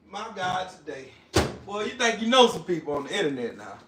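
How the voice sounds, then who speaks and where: A man's voice: high-pitched, big pitch swings, fairly quick, bright, forceful tone, slight background noise. A man hosting a casual cooking livestream, mock-dramatic and wailing, repeating himself and cursing freely.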